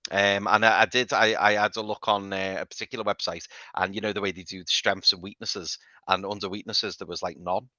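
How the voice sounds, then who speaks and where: Bloke, fan panelist, bright and sharp voice, repeats himself, dull dry remote line. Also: male voice, on the low side, little pitch movement, a little fast, hardly any pauses, dry recording. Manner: rambling, repeats words, many fillers. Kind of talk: casual football chat.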